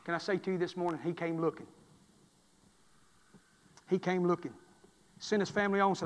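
Man, pastor preaching, very high voice, quiet then shouting, long church echo. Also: fairly even intonation, fairly quick, long pauses. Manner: swings from low murmur to shouting fervor. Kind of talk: sermon. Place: church sanctuary.

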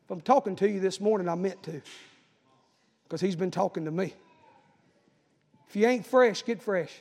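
A preacher with a high, gravelly voice tells a story and then calls his flock forward with mounting urgency. His words ring out through a church hall with a long reverb. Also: moderate pace, a little mellow. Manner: storytelling and exhorting, building to urgent appeals. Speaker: pastor. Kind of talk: sermon.

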